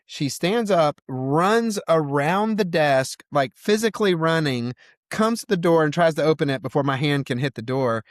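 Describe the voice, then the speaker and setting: A man's voice: fairly high pitch, moderate pace, no echo, studio quality. A man from Georgia, a podcast guest, telling a casual story with lots of fillers. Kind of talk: storytelling in a conversation.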